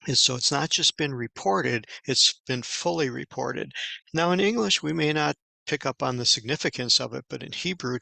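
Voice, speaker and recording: A man giving an informal Bible study lesson, talking in a casual, halting way with many fillers and restarts. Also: medium pitch, vocal fry, bright, forceful tone, no room sound, poor audio. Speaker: Bible teacher.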